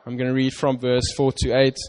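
A man preaching a sermon, reading scripture slowly and earnestly with stress on "you", often restarting his words. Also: mid-range voice, monotone, darkish tone, slight background noise. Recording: long hall reverb.

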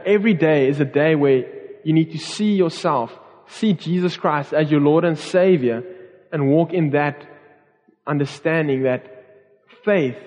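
A man's voice: fairly high pitch, a little mellow. A man preaching a sermon to a church congregation, earnest, with repeated phrases and restarts. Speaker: pastor. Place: church hall. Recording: dull recording in a long-reverb hall.

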